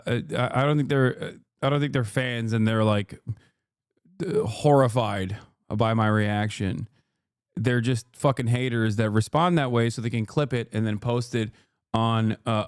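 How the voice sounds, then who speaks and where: A man's voice: medium pitch, clean tone, no echo, studio quality. A man in his thirties streaming live, reacting to clips and arguing with his chat in a profane, sarcastic, combative way. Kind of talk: livestream reaction commentary.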